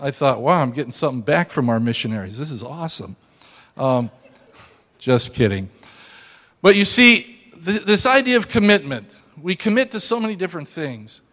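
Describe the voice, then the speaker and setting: A man with a notably high voice delivers a sermon in a church sanctuary, his words trailing off into a long echo. He talks to the congregation directly, with playful quiet asides and sudden forceful exclamations. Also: sing-song, normal speed. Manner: emphatic, calls out to the congregation, shifts from hushed asides to loud exclamations. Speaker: pastor.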